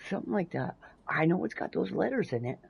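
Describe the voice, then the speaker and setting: A Canadian woman streaming a game live, chatting casually, swearing freely and breaking into loud playful outbursts. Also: lowish voice, big pitch swings, quick pace, gravelly, breathy edge, low-quality recording. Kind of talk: casual live-stream chat while gaming.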